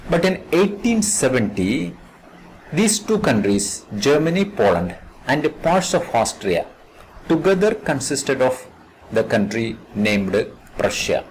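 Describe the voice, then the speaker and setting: An Indian English-accented man teaches students an English lesson, slowly explaining the text and restating key words several times. His mid-range voice is sing-song, and the low-quality recording carries slight background noise.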